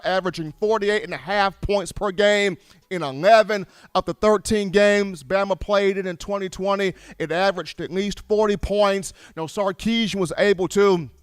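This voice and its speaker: A man hosting a sports show, giving opinionated commentary in an emphatic, animated way, now and then acting out other people's voices. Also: high-pitched, clear, resonant tone, no room sound, studio quality. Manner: animated, emphatic, acts out voices of fans and relatives.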